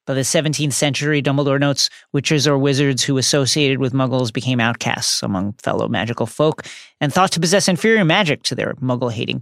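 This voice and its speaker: A man's voice: medium pitch, a bit bright, no room sound. Man reading lore notes, dry mic. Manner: measured, explanatory reading with playful asides. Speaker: podcast co-host.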